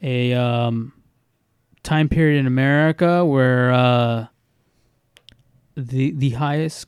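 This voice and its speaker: Eager, smooth-voiced man in his thirties. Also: mid-range voice, darkish tone, no echo, clean studio sound. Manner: eager, rambling, full of "like". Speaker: podcast co-host. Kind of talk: casual podcast chat.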